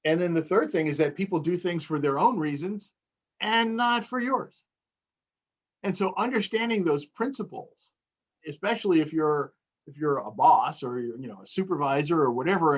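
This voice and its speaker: A man's voice: fairly high pitch, breathy edge, highs cut off. A man who is a motivational speaker, chatting in an interview and acting out tones of voice to explain a point. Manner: demonstrates tone by acting out phrases. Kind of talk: casual interview chat.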